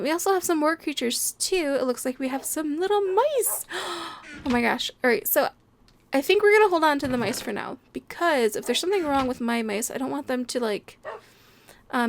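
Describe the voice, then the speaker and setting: A woman's voice: high-pitched, lively intonation, a little fast, a little hiss or hum. A young woman hosting a Minecraft let's play, chatting casually and gushing with delight, with frequent gasps and laughs. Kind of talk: casual gameplay commentary.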